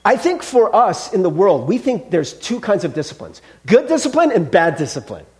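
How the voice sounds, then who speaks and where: A male pastor preaches in an animated way, acting out little scenes as he goes. His voice sits high for a man and leaps through a wide range, and he keeps asking his listeners questions. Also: normal speed. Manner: asks the listeners questions often. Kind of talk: sermon.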